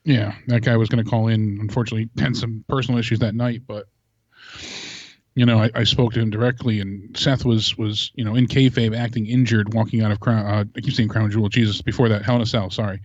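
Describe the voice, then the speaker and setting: A man co-hosting a podcast, chatting casually in a halting way and correcting himself. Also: fairly low pitch, level tone, darkish tone, no echo, lo-fi sound. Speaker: podcast co-host. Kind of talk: casual chat.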